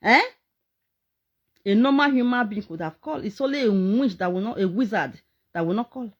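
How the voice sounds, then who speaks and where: A woman's voice: mid-range voice, animated, normal speed, dull audio. A Nigerian woman ranting on a live stream, mocking and scolding as she mixes pidgin and English.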